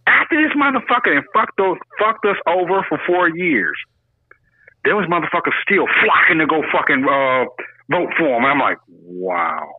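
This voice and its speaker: A man in casual chat, talking loudly and profanely and laughing often. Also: high-pitched, animated, normal speed, breathy edge, no echo, narrow, tinny audio.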